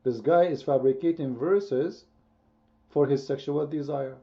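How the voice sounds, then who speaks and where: Emphatic high-voiced male debate host. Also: a little slow, lo-fi sound. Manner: emphatic, repetitive, quizzing the audience. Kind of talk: heated online debate.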